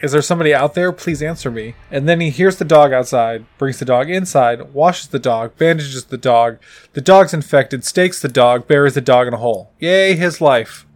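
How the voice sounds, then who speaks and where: Young guy rambling thru a movie recap, kinda high voice, sarcastic, swears a lot.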